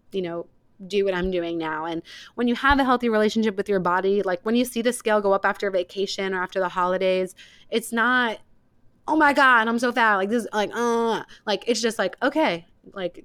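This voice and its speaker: A woman's voice: medium pitch, clean tone, no echo. A young woman hosting a podcast in casual chat, rambling and emotional, with lots of filler words. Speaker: podcast host.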